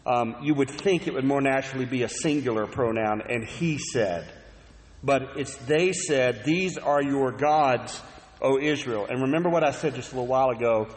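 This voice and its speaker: A man's voice: mid-range voice, normal speed. Man preaching in a reverberant hall. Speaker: pastor. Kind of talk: sermon.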